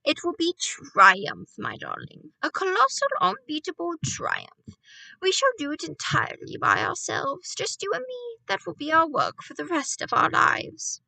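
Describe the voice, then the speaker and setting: Woman voicing a fierce old grandmother, emphatic, exclaiming, gravelly edge, lively swings in pitch, storybook reading. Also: measured pace, no room sound, distant mic, heavily acted, low-quality recording. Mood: triumphant.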